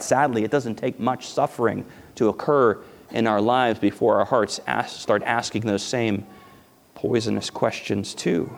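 A man preaching a sermon as pastor, earnest and emphatic, repeating phrases and dropping his voice very low at key points. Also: unhurried, darkish tone. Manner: earnest, emphatic preaching with repetitions and dramatic drops to near-whisper. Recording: hall reverb.

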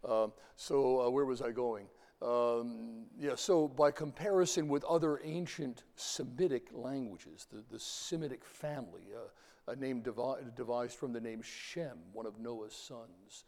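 A man's voice: mid-range voice, a little slow, darkish tone. A man giving an informal lecture, talking in a rambling way with fillers and repeated words. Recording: long hall reverb.

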